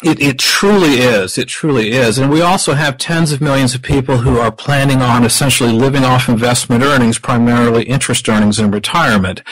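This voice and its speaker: Man, podcast guest, husky voice, dry close sound, measured explaining, rhetorical questions. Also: mid-range voice, fairly bright tone, no room sound, low-quality recording. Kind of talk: explanatory interview talk.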